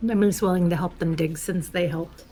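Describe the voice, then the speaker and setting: A woman's voice: lowish voice, fairly even intonation, a little fast, mellow, a little hiss or hum. A woman playing a tabletop game, talking in a wry, matter-of-fact way. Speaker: player. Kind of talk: casual tabletop play.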